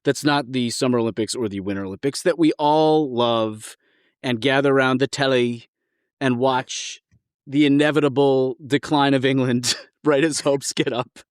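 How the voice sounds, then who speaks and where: A man's voice: medium pitch, fairly even intonation, normal speed, clean tone, dry recording, clean studio sound. An American man, a guest co-host and organisational psychologist, chatting and joking casually with fillers on a podcast. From United States. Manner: chatty, joking, many fillers like "you know".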